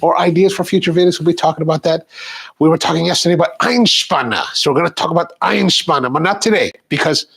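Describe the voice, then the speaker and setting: A man's voice: fairly high pitch, fast, creaky, fairly bright tone, breathy edge. Stuffed-up man hosting a coffee stream. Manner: chatty, talks straight to viewers. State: stuffed-up sinuses. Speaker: coffee show host. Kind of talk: casual live-stream chat.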